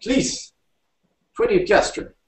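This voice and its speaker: A man voicing a frightened little male carriage driver who shrieks in shrill, panicked yells. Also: drawn-out words. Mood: timid. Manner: panicked yelling. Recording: roomy, distant mic.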